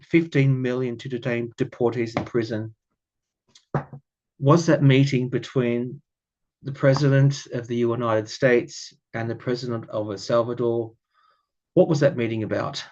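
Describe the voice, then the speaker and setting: An Australian man talks through a tarot spread in an unhurried, musing way. He repeats himself, fills pauses with ums and the odd soft laugh. The recording sounds slightly dull and lo-fi. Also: mid-range voice, steady tone. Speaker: tarot reader. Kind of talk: casual tarot reading to camera.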